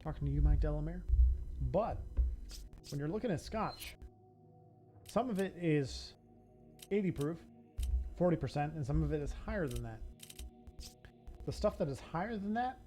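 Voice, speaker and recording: A man streaming a video game, chatting casually, swearing and reacting out loud as he plays. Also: a little high, lively intonation, moderate pace, long pauses, faint music behind. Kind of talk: casual gameplay commentary.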